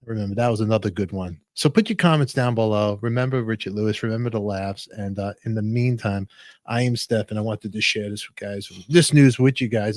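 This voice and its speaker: Male host, mid-pitched, somber and plain-spoken, recorded dry. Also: no room sound. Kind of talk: news commentary vlog.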